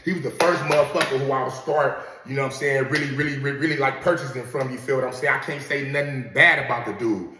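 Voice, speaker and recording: A man's voice: medium pitch, steady tone, quick pace, few pauses, pushed and bright, a little hiss or hum. Man telling a street story in an echoey room. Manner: profane, streetwise, keeps checking in with "you know what I'm saying". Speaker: podcast host telling his own story. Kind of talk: casual storytelling to an audience. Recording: roomy, distant from the mic.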